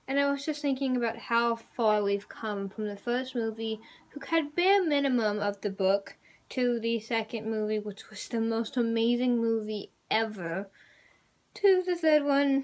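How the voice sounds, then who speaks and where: A young woman vlogging a casual trailer reaction, rambling and excitable with lots of fillers. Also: on the high side.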